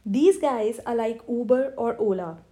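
A woman's voice: on the high side, measured pace, dark tone. A woman narrating a humorous first-person audiobook in a wry storytelling manner.

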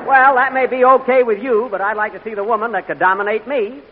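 A radio comedian with a high, lively voice that swoops up and down, indignant and halting with little uh's. The sound is a tinny, crackly 1940s broadcast, with a live audience roaring and hiss underneath. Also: male voice. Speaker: comedian hosting a radio show.

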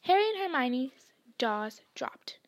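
High-voiced woman reading a story. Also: sing-song, slow pace. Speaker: podcast reader. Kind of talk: audiobook narration.

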